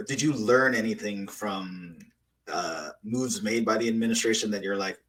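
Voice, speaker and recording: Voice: medium pitch, moderate pace, fairly bright tone, recorded from a distance, rough recording. A host asking rambling, hesitant questions in a casual interview.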